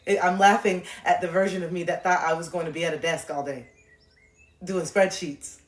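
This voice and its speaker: A woman's voice: on the low side, fairly even intonation, brisk, slight background noise. Intense, swearing woman preaching self-help. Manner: intense, preachy, swears freely, repeats phrases for emphasis. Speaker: livestreamer giving spiritual life advice. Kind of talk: impassioned motivational monologue. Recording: echoey room with faint music.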